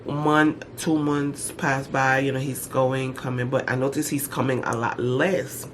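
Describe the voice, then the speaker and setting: A middle-aged woman chatting to the camera in a loose storytime vlog. She tells her stories in an animated, slangy way full of dramatic asides. A faint hum of ambient noise sits under her voice. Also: a bass voice, measured pace. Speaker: vlogger. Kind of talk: casual storytime chat to camera.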